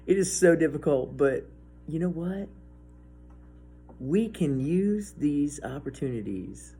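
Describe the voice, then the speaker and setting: Excitable man with a gravelly voice. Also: medium pitch. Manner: excitable, enthusiastic, laughs often. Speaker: science video host. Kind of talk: casual science demo and pep talk.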